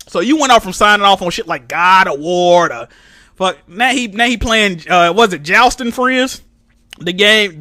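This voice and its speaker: A man hosting a live stream, trash-talking loudly and laughing often in casual banter. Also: high voice, no echo, studio quality. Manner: loud, mocking trash talk with frequent laughter. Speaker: streamer host.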